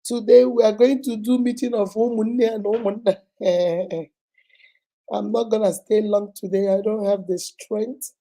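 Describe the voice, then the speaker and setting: Slow-talking woman with a cold. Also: mid-range voice, steady tone. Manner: warm, greets viewers one by one by name. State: sick with a cold, coughing. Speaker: livestream host. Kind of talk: casual livestream chat greeting viewers.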